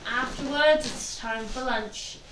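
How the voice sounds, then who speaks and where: A woman's voice: high-pitched, takes it slowly, a bit bright. A woman casually narrating a fan story role-play, chatty and rambling. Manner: rambling, chatty, laughs often. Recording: echoey room, distant mic, faint noise.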